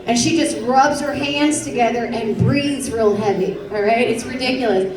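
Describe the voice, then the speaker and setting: A woman performing a stand-up comedy set on a club stage, brash and self-mocking, with a punchy delivery and a loud audience laughing behind her. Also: on the high side, normal speed. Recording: roomy club sound, heard from afar, loud crowd.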